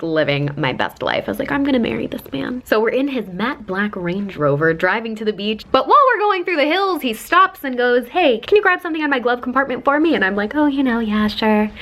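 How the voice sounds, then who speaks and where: A woman's voice: on the high side, a bit bright. A young woman in her twenties telling a chatty storytime, full of likes and quoting people in put-on voices. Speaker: lifestyle vlogger. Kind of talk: casual storytime.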